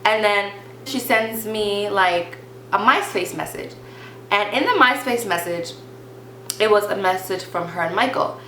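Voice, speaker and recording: Woman, young adult, chatty storytime vlogger, blunt, crisp bright tone, faint hum in a roomy space. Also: medium pitch, measured pace. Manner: chatty, animated retelling full of "like" and acted quotes; blunt, swears casually. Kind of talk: storytime vlog.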